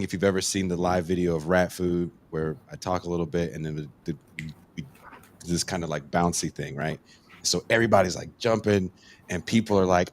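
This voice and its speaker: A man from the US West Coast telling a casual podcast anecdote, acting out quotes and swearing freely. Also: low voice.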